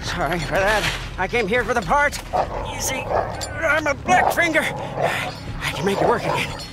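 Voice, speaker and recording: A man's voice: very high voice, animated, a little slow. An actor playing a zealous, hunched male mechanic in a video game, talking in a fervent, rambling, reverent way. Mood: eager. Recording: game audio with loud ambient noise.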